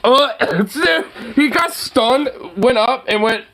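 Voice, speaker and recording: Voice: high voice, animated, takes it slowly, pushed and bright, slight background noise. A streamer giving casual, profane reaction commentary on viral clips, rambling with lots of filler words and mocking laughter. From United States.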